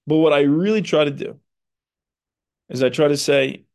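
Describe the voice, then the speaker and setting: A man with a fairly high speaking voice gives a reflective podcast monologue. He talks earnestly as a psychotherapist, explaining patiently and stressing key words. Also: normal speed, vocal fry, a little mellow.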